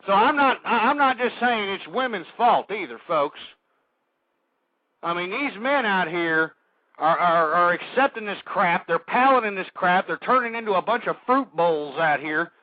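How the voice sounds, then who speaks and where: A man's voice: sits high, expressive, moderate pace, no echo. Angry stammering talk radio host, man. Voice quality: stammering, repeats words when worked up. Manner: angry, indignant, preachy. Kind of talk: ranting talk radio monologue. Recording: dull lo-fi internet radio audio.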